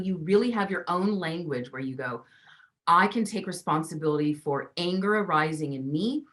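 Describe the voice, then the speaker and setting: A woman's voice: fairly low pitch, brisk, a bit bright. A woman coach being interviewed, talking emphatically and acting out the voices in people's heads. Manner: emphatic, acts out inner voices. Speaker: relationship coach guest. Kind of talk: teaching interview talk.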